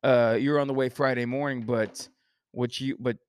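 A man's voice: medium pitch, steady tone, moderate pace, clean tone, dry recording, clean studio sound. A man hosting a casual sports podcast, joking and rambling through banter with his co-host. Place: Texas.

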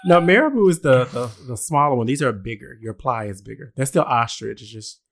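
A man co-hosting a podcast, teasing his partner with quick comebacks. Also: medium pitch, animated, slight background noise. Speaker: podcast co-host. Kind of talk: campy casual banter.

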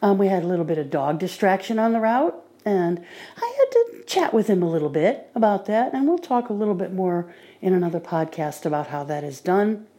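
A woman talking on her own podcast in a casual monologue, calmly recounting her day. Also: mid-range voice, fairly quick. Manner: relaxed diary-like recounting. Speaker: podcaster training with a guide dog.

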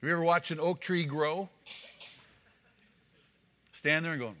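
A man's voice: fairly high pitch, unhurried, fairly bright tone, a little hiss or hum. A male pastor preaching an emphatic sermon, repeating key phrases for weight. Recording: long hall reverb.

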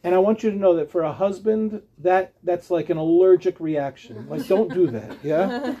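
High-voiced rabbi giving a chatty lecture. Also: male voice, expressive, normal speed, warm tone, highs cut off. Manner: chatty storytelling with jokes and restarts. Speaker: rabbi teaching a Torah class. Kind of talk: humorous live lecture.

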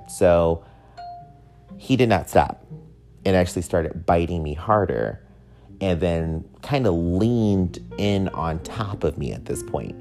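A man's voice: low-pitched, warm tone. A man candidly telling a personal story to his viewers, blunt and swearing freely.

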